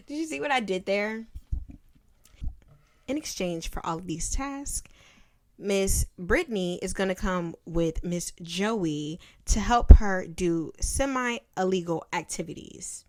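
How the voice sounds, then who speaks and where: A woman in her twenties giving casual, slangy, sarcastic commentary as she reviews a film she loved as a kid. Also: mid-range voice. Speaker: vlogger reviewing a childhood film.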